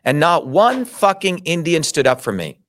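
Very animated and a little high-pitched, this middle-aged interview guest speaks at a moderate pace in a fairly bright tone. The recording has clean studio sound with no room echo as he heatedly recounts his personal story, indignant and swearing heavily.

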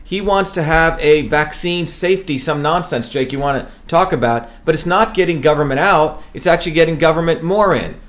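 A man's voice: on the high side, a little fast, hardly any pauses, a bit bright. A man from India running for office, speaking emphatically to camera and often stumbling on and repeating his words. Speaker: political candidate hosting a web show. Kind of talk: campaign talk to camera.

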